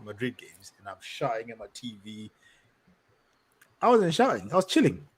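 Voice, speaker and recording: Young guy, podcast co-host, mid-pitched, slangy, animated rant. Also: moderate pace, slight background noise. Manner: animated, laughing, street slang, rants at length. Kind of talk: casual football podcast rant.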